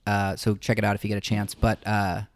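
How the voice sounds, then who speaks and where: A man, a musician guest, telling his life story in a casual interview, reflective and halting with fillers. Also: fairly low pitch, monotone, no echo, studio quality.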